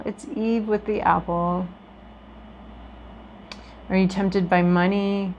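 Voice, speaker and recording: A woman's voice: fairly low pitch, moderate pace, a little mellow, a little hiss or hum, poor audio. A woman giving a casual tarot reading to her viewers, talking in a chatty, reflective way with frequent ums and restarts. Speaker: tarot reader.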